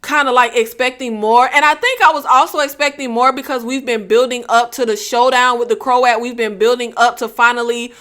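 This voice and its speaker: Woman, high voice, bright tone, casual TV review chat, laughs a lot, says y'all. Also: steady tone, brisk, hardly any pauses. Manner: chatty, laughs often, Southern-leaning slang ("y'all", "child"). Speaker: TV review channel host.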